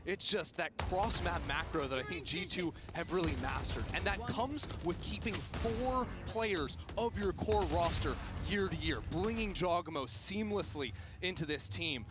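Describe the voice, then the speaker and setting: A man giving analytical color commentary on an esports match, breaking into hype shouts. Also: sits high, measured pace, loud music behind the voice. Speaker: esports caster.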